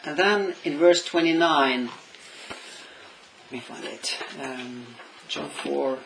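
A man's voice: on the high side, extremely slow, vocal fry, fairly bright tone, a little hiss or hum, poor audio. A man preaching a sermon in English, which is not his first language, thoughtful and stopping to search for words. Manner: thoughtful, searching for words, asks questions aloud.

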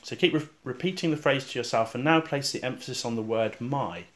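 A male preacher leading a guided scripture meditation, speaking calmly and reflectively with slow pauses, going soft and quiet on repeated verses. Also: mid-range voice.

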